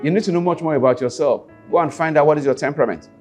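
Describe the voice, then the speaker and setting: A Nigerian-accented man teaches as a life skills coach, pressing his points with repeated phrases and direct questions to the listener. His voice sits somewhat high for a man. Soft guitar music plays faintly under his talk. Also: very fast. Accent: Nigerian English. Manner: emphatic, repeats key phrases, asks the listener rhetorical questions.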